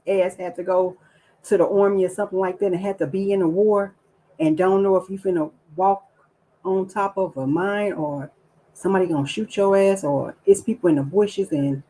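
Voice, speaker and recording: A livestream host delivers casual commentary, ranting with profanity and firing off repeated rhetorical questions, and greets viewers by name between points. The voice is medium-pitched and a little mellow, though the audio quality is poor.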